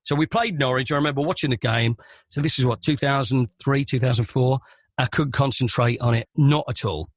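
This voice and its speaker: A man, a stadium announcer, telling a long anecdote on a podcast in a lively, animated way, acting out the voices in his story. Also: medium pitch, fairly quick, no room sound, clean studio sound.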